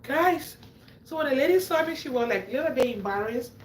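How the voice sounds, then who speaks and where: A woman's voice: high-pitched, expressive, a little fast. A woman hosts a livestream and tells stories to her viewers. She laughs often and acts out what people said. The sound is roomy, with a faint hum of room noise behind her. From Africa. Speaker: livestream host. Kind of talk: animated storytelling to a live audience.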